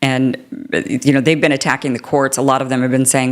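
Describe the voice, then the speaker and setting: A woman's voice: very deep voice, quick pace. A woman hosting an interview show who asks questions casually and rambles, with many "I mean" and "like" fillers. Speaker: show host. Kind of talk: political interview.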